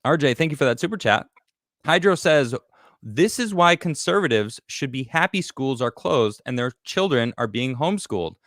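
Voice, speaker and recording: A man hosting a casual political talk show, reading viewer comments and joking in an animated, emphatic way. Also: mid-range voice, moderate pace, dry recording, studio quality. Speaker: podcast host reading super chats.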